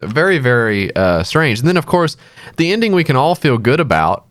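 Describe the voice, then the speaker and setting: Casual male podcast co-host, sarcastic and jokey, mid-pitched, dry close mic. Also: very animated, moderate pace, a bit bright, no room sound. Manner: sarcastic, jokey, acts out quotes in silly voices. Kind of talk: casual movie review chat.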